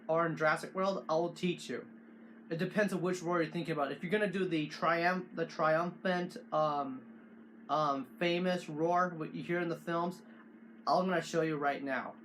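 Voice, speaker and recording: A man hosting a casual how-to video, talking in halting bursts with frequent restarts and fillers. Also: a little high, fairly bright tone, slight background noise. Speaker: tutorial host.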